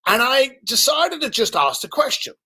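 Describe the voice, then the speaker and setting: A man's voice: very high-pitched, very animated, moderate pace, bright, forceful tone, husky. A man telling a business story, acting out both sides of a phone call. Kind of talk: animated storytelling.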